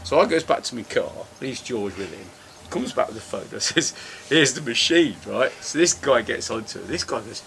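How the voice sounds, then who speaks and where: A man's voice: mid-range voice, lively intonation, moderate pace, gravelly, a bit bright, a little hiss or hum. A man in casual, sweary chat, telling a story and acting out both sides of it. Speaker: storytelling co-host. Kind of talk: casual pub-style chat.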